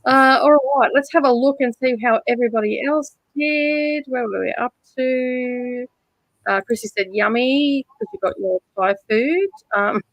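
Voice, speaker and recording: This Australian host of reading sprints streams casually from a home room near a side street, her voice on the high side and a bit bright, recorded dry. She keeps up a chatty tone, laughing a lot and swearing a little.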